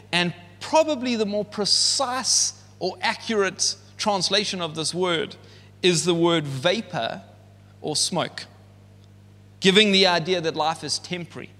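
A man's voice: high voice, sharp tone. A man preaching a sermon in a conversational way that builds to emphatic peaks. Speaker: pastor. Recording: long reverb of a large hall.

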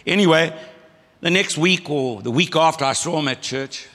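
A man's voice: fairly high pitch, moderate pace, fairly bright tone. An older South African man telling a folksy testimony in church, with a frog in his throat. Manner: folksy storytelling, acting out remembered voices. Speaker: church member giving testimony. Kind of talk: conversational testimony sermon. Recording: long hall reverb.

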